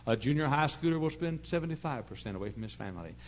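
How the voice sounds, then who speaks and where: A middle-aged man pastor preaching a sermon in an earnest storytelling way, dropping to hushed asides and rising to loud emphasis. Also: on the high side, lively intonation, fast talker, low-quality recording. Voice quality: gravelly.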